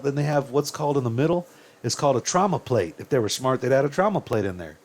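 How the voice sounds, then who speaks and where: A young man, ranting angrily to his viewers with profanity and rhetorical questions. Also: mid-range voice. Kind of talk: heated opinion rant.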